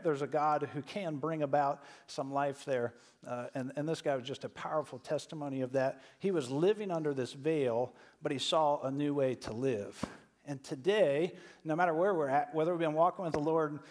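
Man preaching, conversational and higher-pitched. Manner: conversational preaching, repeats words when starting phrases. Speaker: pastor. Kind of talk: sermon.

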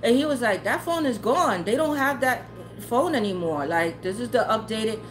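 Talking casually to her live chat, this tarot livestreamer swears a lot, gets heated, laughs often and doesn't mince words. Her pitch sits fairly high and sounds expressive at a moderate pace, with soft music in the background.

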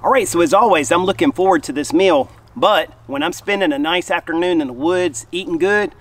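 A middle-aged man with a drawl hosts a camp cooking show outdoors in the woods. His voice sits a touch high for a man, and his talk is folksy and easygoing, even through bites of food. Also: brisk. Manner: relaxed, folksy, talks while eating. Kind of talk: outdoor cooking vlog, talking to camera.

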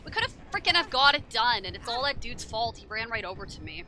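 A woman's voice: fairly high pitch, sing-song, quick pace. Swearing woman streaming a game. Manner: irritable, swears a lot, talks to herself and to chat. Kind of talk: casual live-stream commentary. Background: game music.

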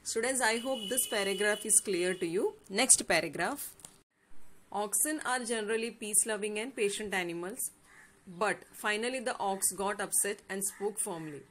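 A woman's voice: mid-range voice, fairly bright tone. A woman teacher with an Indian English accent, reading a fable aloud and patiently explaining each word to her students. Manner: patient, explains words slowly, asks "yes or no?". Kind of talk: classroom story explanation lesson.

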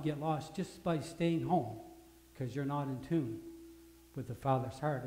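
A man preaching a sermon as pastor, earnest, swinging between loud rises and hushed drops. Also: mid-range voice, slight background noise. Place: church sanctuary. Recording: echoey church hall.

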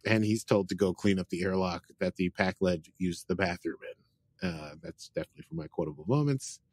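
A man's voice: low-pitched, a little fast, darkish tone, dry recording. A man hosting a podcast, retelling a TV episode in a chatty, rambling way with lots of fillers. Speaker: podcast host. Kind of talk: casual episode recap.

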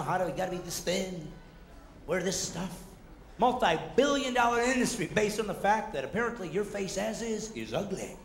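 A man performing energetic, mocking stand-up comedy on stage, acting out the voices he quotes. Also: high voice. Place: theater stage before a live audience. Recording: roomy hall with audible audience noise.

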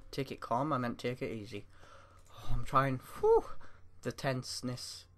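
A man playing a horror game and commenting for his viewers, jittery and excitable, talking to himself as he goes. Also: medium pitch, a little slow. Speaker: gaming YouTuber. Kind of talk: let's-play commentary.

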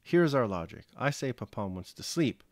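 A man voicing a gentle, anxious young mother and countess in a novel reading, speaking timidly and softly. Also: medium pitch, very animated, brisk, no room sound, studio quality, natural voice. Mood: fond. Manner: timid, soft-spoken.

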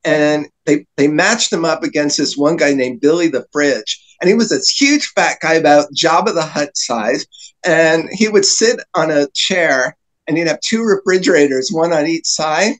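A man's voice: fairly high pitch, expressive, normal speed, rough recording. A man telling long rambling anecdotes as a podcast guest, with frequent fillers and laughter. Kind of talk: storytelling in casual chat.

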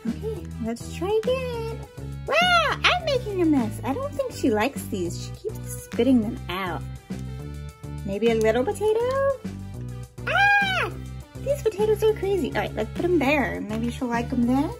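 A woman's voice: high voice, huge pitch swings, moderate pace, loud music behind the voice. A woman voicing a cheerful cartoon mother dog who babysits and chats to the viewers, in a bubbly, sing-song pretend-play manner. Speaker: toy play host.

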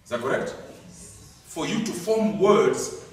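A man preaching a sermon, emphatic, repeating key words and swinging between loud and soft. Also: fairly high pitch, animated, unhurried. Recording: echoey hall, distant mic.

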